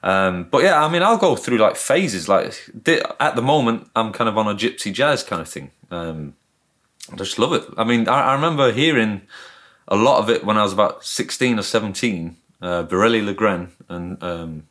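A man's voice: fairly low pitch, expressive, moderate pace, a bit bright. A man with a northern English accent, chatting casually as a guest in an interview, modest and rambling. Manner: modest, self-deprecating, rambling. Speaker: guest guitarist.

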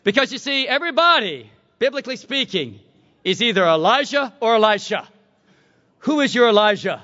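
A male preacher with a very high, bright, forceful voice, delivering a sermon as dramatic storytelling. He swings from shouts down to hushed tones. The recording sounds dull and lo-fi. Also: very animated, moderate pace.

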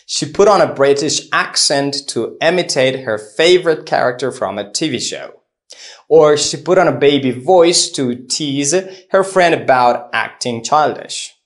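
A man teaching an English phrasal verb lesson, reading out explanations and lists of example sentences slowly and deliberately. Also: mid-range voice, lively intonation. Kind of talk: scripted lesson narration.

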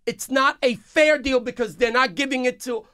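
A man's voice: extremely high pitch, moderate pace, smooth, no echo. A man, a business owner, giving an impassioned, emphatic interview into a studio microphone. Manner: emphatic, grows heated and forceful. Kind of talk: impassioned radio interview talk. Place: radio studio. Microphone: studio mic.

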